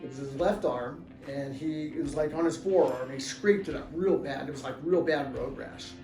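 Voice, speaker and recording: A middle-aged man, an author and former deputy, telling a personal story in an animated, chuckling way. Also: on the high side, normal speed. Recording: roomy room, distant mic, faint music.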